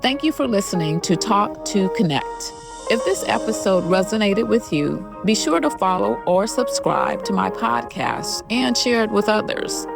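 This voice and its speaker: A woman's voice: medium pitch, expressive, moderate pace, creaky, music in the background. A woman in her forties hosting her own podcast, telling a personal story in a heartfelt, earnest way, her voice cracking with emotion. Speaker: podcast host. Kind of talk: reflective solo podcast storytelling.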